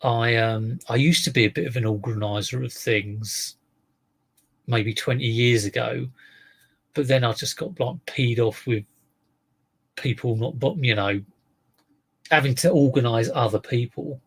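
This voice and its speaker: Guy rambling on a live stream, gravelly and husky, takes his time with the words. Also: medium pitch. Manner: unhurried and chatty, talks straight to the viewers. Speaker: reseller streaming live to viewers.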